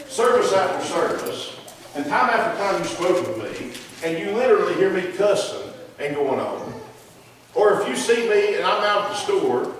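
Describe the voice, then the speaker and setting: A man's voice: high-pitched, a bit bright. A middle-aged man with a Southern US accent preaching a sermon as pastor, folksy and self-deprecating, rambling through asides. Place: church sanctuary. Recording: very echoey church room, mic far off, faint hiss.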